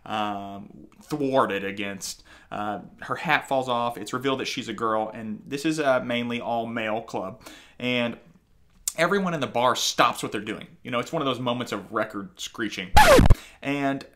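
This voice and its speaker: A man's voice: mid-range voice, unhurried, sharp tone. A man giving a casual spoken review of an audiobook, talking in a loose, conversational way with frequent fillers and restarts. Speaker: book reviewer.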